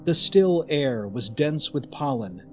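A man narrating a scripted audio story in a deliberate, storytelling manner. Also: mid-range voice, expressive, faint music behind.

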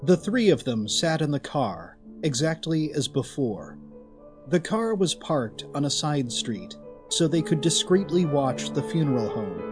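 A male narrator reads a scripted serial story very slowly and deliberately, his voice slightly high for a man. Soft music plays faintly underneath. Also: sing-song.

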